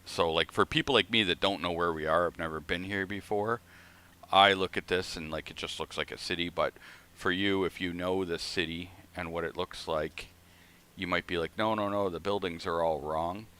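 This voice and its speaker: A man's voice: deep voice, steady tone, normal speed, bright, forceful tone, clean tone. A man streaming a flight simulator, telling a rambling, profane story in casual chat.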